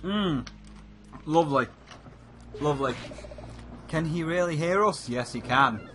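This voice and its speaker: A let's play host gives casual, joking gameplay commentary in a fairly high, bright, forceful voice with lively intonation and an unhurried pace. He's chatty, recording into a USB condenser mic with a pop filter, with slight background noise.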